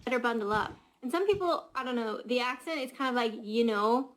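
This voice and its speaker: Canadian woman, slightly high voice, chatty explainer clip. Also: animated, fast talker, a bit bright, rough recording. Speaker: video creator being reacted to. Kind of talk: casual explainer talk.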